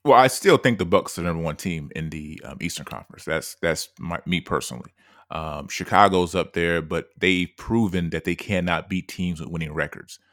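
A man co-hosting a sports podcast, making his points in a measured way with many fillers. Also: sits low, fairly bright tone, dry recording, studio quality. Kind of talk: casual sports debate.

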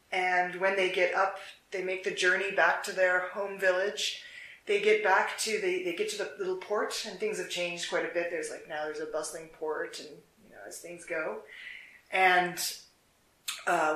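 A storyteller telling a folk tale in a relaxed, unscripted way, with fillers and restarts. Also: mid-range voice, a little slow. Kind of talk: casual storytelling. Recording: echoey room.

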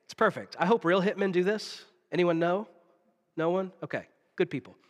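A man from the preaching a sermon, telling stories with dramatic pauses and drops to a hush. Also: sits high. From Southern United States. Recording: long reverb of a large hall.

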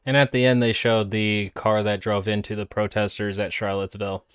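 A man's voice: on the low side, level tone, brisk, very noisy. Sarcastic man commenting on clips. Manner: sarcastic, mocking impressions. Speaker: podcast host.

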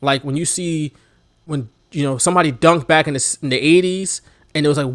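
A man co-hosting a casual wrestling chat, animated, laughing often and shouting out imitations of commentators. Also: on the high side, fairly quick, no room sound, studio quality. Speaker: podcast co-host.

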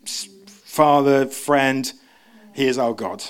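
A young man preaches a casual sermon in church, chatty and often interrupting himself, raising his pitch to act out quoted voices. He takes it slowly.

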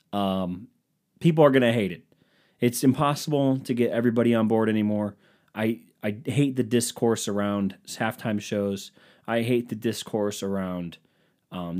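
A man's voice: medium pitch, darkish tone. A young man hosting a solo podcast, ranting in a sarcastic, self-mocking, rambling way. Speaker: podcast host. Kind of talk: solo comedic podcast rant.

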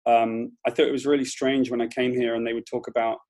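A man's voice: medium pitch, fast. A man with a British accent from Britain, a guest in a casual interview, talking emphatically and animatedly about his views and career. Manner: emphatic, animated storytelling with mimicked voices. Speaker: comics writer and former editor, guest.

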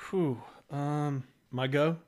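Halting, self-deprecating male co-host. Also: fairly high pitch, steady tone. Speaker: podcast co-host. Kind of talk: casual chat.

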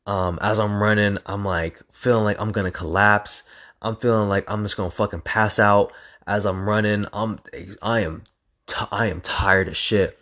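A young man with a lowish voice tells a story in a loose, casual way, full of swearing. He acts out sounds as he goes and keeps the telling lively. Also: moderate pace. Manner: animated, profane, acts out sounds.

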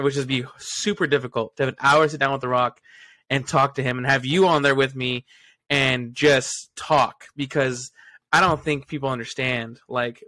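A young man hosts a podcast in an eager, chatty way, wandering into asides and filling pauses with "like" and "uh." His voice is bright and forward, recorded dry and close. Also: mid-range voice, no room sound. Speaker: podcast host. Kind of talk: casual podcast chat.

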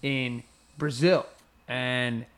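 A man's voice: medium pitch, very slow. A man chatting casually, telling a story full of swearing and acted-out quotes. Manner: profane, animated storyteller who acts out quotes.

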